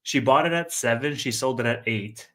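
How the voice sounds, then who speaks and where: A young man co-hosting a casual stock-market livestream, telling an animated story with quick asides and laughs. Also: medium pitch. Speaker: co-host of a stock market stream.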